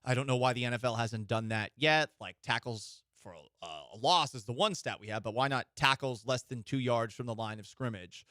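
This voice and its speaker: A man hosting a sports radio show, talking in an animated, joking way with rambling asides. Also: medium pitch, normal speed, few pauses, dry recording, clean studio sound.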